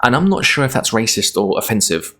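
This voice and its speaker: Low-voiced Scottish man reading a gamebook. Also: very animated, fairly quick, sharp tone. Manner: chatty, self-deprecating, laughs often. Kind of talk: casual live-stream reading.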